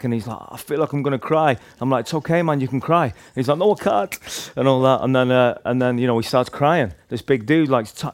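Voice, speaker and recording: A Northern Irish man recounts a personal story to a gathered group, his voice sitting at an ordinary middle pitch. He talks casually and rambles, circling back with restarts and filler words as he goes. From Northern Ireland. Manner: chatty, rambling, lots of restarts and "like". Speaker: speaker sharing a testimony.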